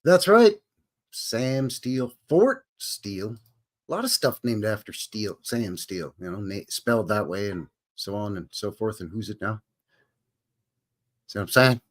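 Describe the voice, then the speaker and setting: A man's voice: fairly low pitch, expressive, unhurried. A man with a Canadian accent hosting a live stream, greeting his chat in a jokey, folksy way. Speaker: livestream host.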